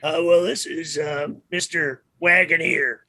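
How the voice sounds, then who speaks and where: A man's voice: a little high, fairly even intonation, a little slow, bright, forceful tone, dry recording. A man playing a tabletop game, chatting casually with a dry, joking manner.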